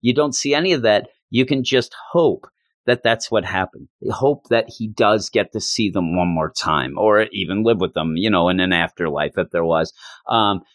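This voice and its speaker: A man with a lowish voice talks through a comic review in a casual podcast chat. He is earnest and emotional and often restarts his sentences. The sound is dry and close. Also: normal speed, no room sound. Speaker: podcast co-host.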